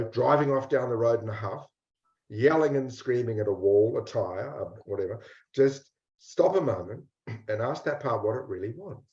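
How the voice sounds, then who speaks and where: A man's voice: mid-range voice, darkish tone. Male coach guiding a reflection, intimate and blunt, roomy room tone. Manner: slow, repetitive, intimate, blunt at times. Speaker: mindset coach. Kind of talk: guided reflection talk. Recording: roomy dull lo-fi recording.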